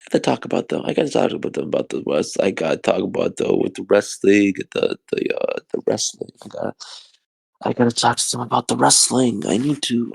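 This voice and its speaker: Podcast co-host, young adult man, sleepy and rambling, repeats himself, gravelly edge. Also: on the low side, fast, darkish tone. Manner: sleepy, repetitive self-talk. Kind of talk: rambling solo monologue.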